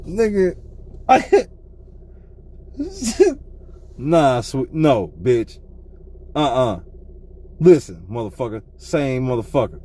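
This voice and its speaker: A man's voice: mid-range voice, warm tone. A man co-hosting a podcast, telling a story in casual, profane chat and laughing often, talking from a car. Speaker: podcast co-host.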